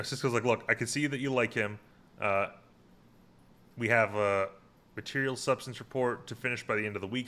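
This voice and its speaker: A man's voice: lowish voice, bright, forceful tone. A man co-hosting a podcast, recapping an episode in casual chat and paraphrasing the scenes with lots of fillers.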